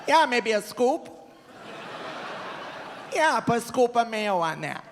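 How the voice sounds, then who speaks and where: A man's voice: very high-pitched, sing-song, takes it slowly, fairly bright tone, a little hiss or hum, pitched above the performer's own voice, full character voice. A man putting on the voice of a cheerful mother offering food, chirpy and eager to please. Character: cheerful Midwestern mom serving food. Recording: reverberant live venue.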